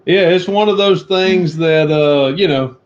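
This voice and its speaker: A fairly high-voiced man with a drawl, chatting on a livestream in an earnest, sermon-like way. The audio is dull and lo-fi. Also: unhurried. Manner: earnest, encouraging, preachy. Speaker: reselling livestream co-host. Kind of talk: casual livestream chat.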